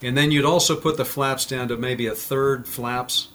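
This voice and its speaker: A man's voice: mid-range voice, moderate pace, slight background noise. A man, a former fighter pilot, telling stories in a casual interview and acting out the voices in them. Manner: animated, acts out quoted dialogue.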